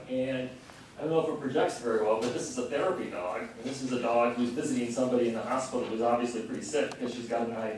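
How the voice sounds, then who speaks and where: A middle-aged man gives an earnest public lecture, slowing down and pushing harder on the points he cares about. He is recorded from a distance, so his voice carries plenty of room echo, with a faint hiss underneath. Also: medium pitch, darkish tone. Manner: earnest, impassioned, varying pace. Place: lecture hall. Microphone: distant room mic. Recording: very echoey hall recording from a distance.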